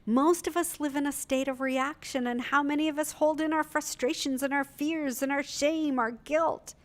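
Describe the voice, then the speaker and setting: Brief: middle-aged woman minister, higher voice, expressive storytelling sermon. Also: moderate pace. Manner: expressive, lively storytelling with soft asides.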